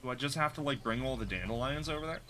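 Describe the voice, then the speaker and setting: A man's voice: medium pitch, fast, fairly bright tone, slight background noise. A man streaming a game live, chatting casually, reacting aloud and greeting viewers in chat. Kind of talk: live gameplay commentary.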